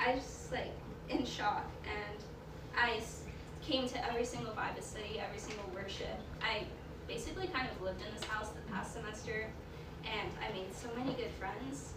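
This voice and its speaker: A young college woman tells her testimony to a gathered group, her voice a little high and heard from across an echoey room. She rambles casually and fills nearly every pause with "like". A heavy hiss of noise runs under the whole recording. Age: young adult. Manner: casual, rambling, says "like" constantly. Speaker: college student giving a testimony. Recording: echoey room, voice far from the mic, loud noise.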